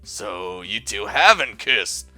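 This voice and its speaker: A man's voice: on the low side, very animated, slow pace, sharp tone, no echo, soft background music, exaggerated voice. A man voicing a snippy, judgmental teenage girl classmate with a sneering manner while reading a visual novel aloud.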